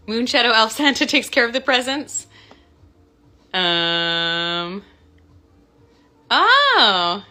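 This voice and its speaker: A woman's voice: on the low side, animated, takes it slowly, long pauses, bright, forceful tone. A Canadian woman in her thirties, a voice actor chatting casually with fans on a livestream while she signs prints. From Canada, part childhood in Scotland. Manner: chatty, bubbly, thinking aloud while signing. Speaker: voice actor signing autographs on a livestream.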